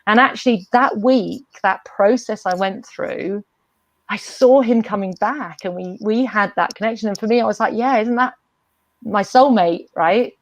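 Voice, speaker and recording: A woman talks in an unhurried, reflective way and keeps stopping to rephrase. She sounds like she is on a video call, and the sound is dry. Her voice sits at a middle pitch. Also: no echo. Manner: reflective, with frequent "you know" and restarts. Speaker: guest. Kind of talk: casual conversation.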